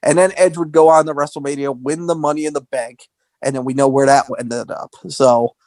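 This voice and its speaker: Man, podcast co-host, somewhat high voice, lively recapper, close dry mic. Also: fairly quick, dry recording. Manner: animated storytelling, acts out quotes in a raised voice. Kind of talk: casual wrestling recap.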